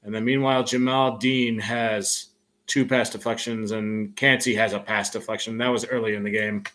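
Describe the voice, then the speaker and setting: A man hosting a live stream, giving a fan's play-by-play reaction that bursts into loud cheers on big plays. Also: lowish voice, little pitch movement, normal speed.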